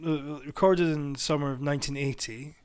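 A soft-spoken man co-hosting a radio show, talking casually and a little hesitantly. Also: on the high side, steady tone, normal speed, smooth, dry recording. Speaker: radio co-host.

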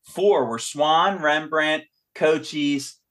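Speaking extremely slowly in a fairly high voice, a man hosts a podcast and casually discusses how a film ends. He's animated and acts out the film's lines as he goes.

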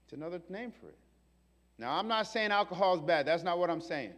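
A high-voiced man from New York preaches with animated, fervent energy, slipping into the voices of the people he quotes. His voice carries the long reverb of a large hall. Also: brisk. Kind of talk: sermon.

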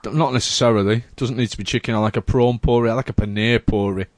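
A man's voice: medium pitch, fairly even intonation, fast talker, dry recording. A man hosting a casual chat, rambling and searching for his words. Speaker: podcast host.

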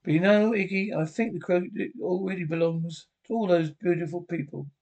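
A man doing a rich, evocative voice: a nervy, scheming little rock manager from a horror anthology show who stammers when cornered. his voice sits a bit high for a man, quick to jump from smarmy to panicky. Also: a little mellow, lightly acted. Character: short scheming male band manager, nervous and greedy.

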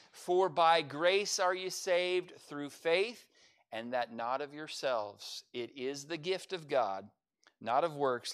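A man's voice: on the high side, a bit bright, clear, resonant tone. A middle-aged man preaching a sermon as pastor, reading scripture and adding folksy, humorous asides. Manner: folksy, humorous asides with playful mock voices.

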